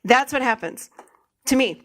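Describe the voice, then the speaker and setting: A woman's voice: high voice, expressive, unhurried, a bit bright, dry recording. A woman hosting a podcast, talking earnestly and enthusiastically and repeating phrases for emphasis. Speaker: podcast host and therapist. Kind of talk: casual podcast chat.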